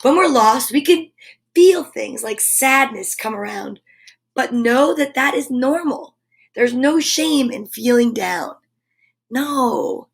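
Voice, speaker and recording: A woman reading a children's picture book aloud on a livestream, gentle and enthusiastic, often dropping to a whisper. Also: sits high, expressive, slow pace, gravelly. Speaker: storyteller.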